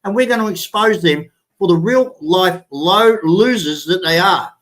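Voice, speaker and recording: A man's voice: high-pitched, expressive, unhurried, fairly bright tone. A man hosting a live stream, ranting in a threatening, profane and emphatic way.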